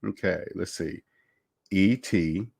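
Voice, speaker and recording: A man's voice: low-pitched, slow pace, creaky, darkish tone, slightly rough, dry recording, studio quality. A man hosting a finance livestream, rambling and candid as he reads the chat aloud and chats casually.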